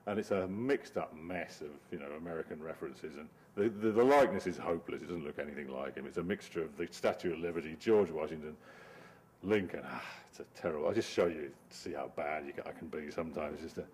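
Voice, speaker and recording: A man's voice: rumbling low, quick pace, darkish tone, slightly rough. A middle-aged man, a cartoonist giving a wry, digressive talk over his slides and laughing often. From Britain.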